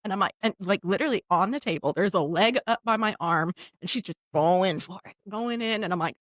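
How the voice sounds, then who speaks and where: A woman co-hosting a podcast, telling a funny story in a casual, animated way and often laughing. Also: medium pitch, fairly quick, no room sound, studio quality. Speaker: podcast co-host.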